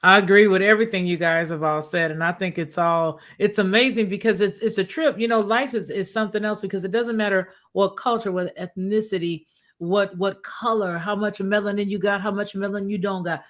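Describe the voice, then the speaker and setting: A woman's voice: mid-range voice, brisk, fairly bright tone. An American woman hosting a panel discussion, talking earnestly and emphatically. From United States. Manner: earnest, emphatic, laughs while telling stories.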